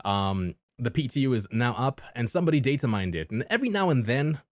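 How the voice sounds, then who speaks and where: A man's voice: medium pitch, sing-song, fast talker, no echo, clean studio sound. A man hosting a casual podcast, chatting loosely with plenty of fillers and laughs. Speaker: podcast host.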